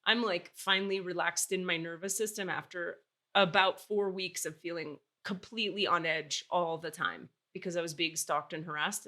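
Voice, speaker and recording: A woman in her forties hosting a podcast, telling a story candidly and with exasperation. She swears freely. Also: fairly low pitch. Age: 40s. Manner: animated, acts out dialogue while telling stories. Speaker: podcast host.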